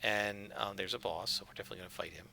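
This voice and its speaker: A man's voice: lowish voice, fairly even intonation, racing, gravelly, pushed and bright. A man casually chatting while playing a game, rambling with lots of fillers. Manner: rambling, conversational, with frequent fillers. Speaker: let's play gamer.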